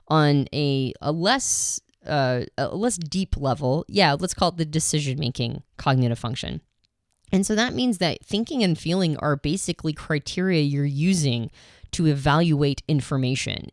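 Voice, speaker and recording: A woman co-hosting a podcast, explaining ideas in a measured, analytical way, mostly even in tone with some inflection. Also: rumbling low, no room sound, clean studio sound. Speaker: podcast co-host.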